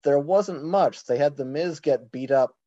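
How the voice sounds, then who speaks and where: A man chatting casually as a podcast guest, wry and talkative with quick asides. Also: on the high side, mellow, no echo. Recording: slightly dull lo-fi mic.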